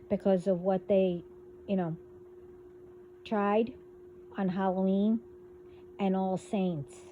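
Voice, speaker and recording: A woman hosting a casual spiritual monologue, talking in a rambling, halting way as she delivers warnings. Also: mid-range voice, narrow, tinny audio, a little hiss or hum. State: hiccups. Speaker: spiritual video host.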